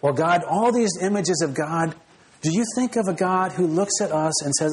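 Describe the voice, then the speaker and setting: A man's voice: fairly high pitch, normal speed, a little hiss or hum, rough recording. A man preaching a sermon in an earnest, personal way, repeating phrases and restarting now and then. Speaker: pastor.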